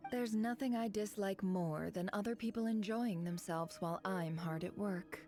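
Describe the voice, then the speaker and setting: A woman's voice: mid-range voice, moderate pace, a little mellow, faint music behind, lightly acted. An actress playing a sardonic, bossy woman employer in a video game, talking in a dry, teasing, commanding way.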